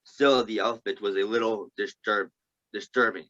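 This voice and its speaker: A man reading a novel aloud to a group, halting and stumbling over words and restarting. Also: fairly low pitch, steady tone, a bit bright, highs cut off. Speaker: group reader.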